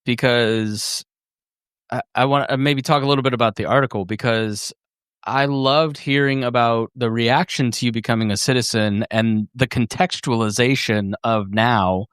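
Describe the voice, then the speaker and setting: A male podcast host asks casual, rambling questions, restarting as he goes. His voice is smooth and resonant, and the sound is dry. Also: medium pitch, fairly even intonation, normal speed, fairly bright tone, dry recording. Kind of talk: conversational interview.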